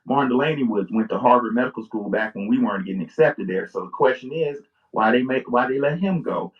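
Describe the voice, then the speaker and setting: A man's voice: mid-range voice, fast talker. A man joining a live stream as a guest scholar, speaking confidently in casual discussion. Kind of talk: casual discussion, reading a passage aloud. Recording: distant, muffled call audio.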